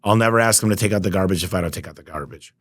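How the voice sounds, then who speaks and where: A man telling business stories as a podcast guest, emphatic and energetic, often acting out both sides of conversations. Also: sits low, very fast. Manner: energetic, emphatic, acts out quoted dialogue. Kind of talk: storytelling interview talk.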